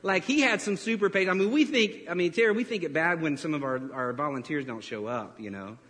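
A man preaching a sermon as pastor, animated and storytelling, breaking into laughs and acting out quotes. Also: a little high, fairly quick. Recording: reverberant hall.

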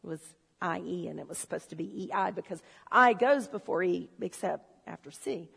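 A woman preaching a sermon in a church, telling stories and swinging from low, confiding talk to shouted excitement. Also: moderate pace, vocal fry, slightly rough. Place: church hall. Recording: long hall reverb.

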